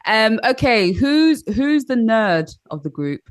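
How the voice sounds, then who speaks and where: A woman's voice: on the high side, sing-song, takes it slowly. A woman hosting a casual interview, bubbly and laughing often. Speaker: interviewer host.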